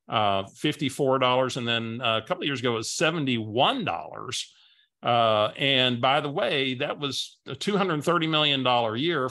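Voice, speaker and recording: A man's voice: medium pitch, bright, forceful tone. A man coaching through a webinar, telling a story in a conversational way and often repeating words as he goes. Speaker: business coach.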